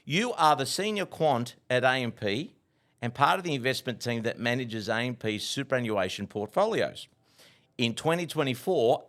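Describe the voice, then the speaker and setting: Upbeat Australian male podcast host. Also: mid-range voice. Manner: upbeat, animated questioning. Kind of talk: casual interview chat.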